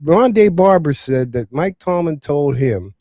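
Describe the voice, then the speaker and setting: A man on a sports panel who tells stories in an animated way. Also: a little high, measured pace, dry recording. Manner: animated storyteller. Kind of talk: casual panel chat.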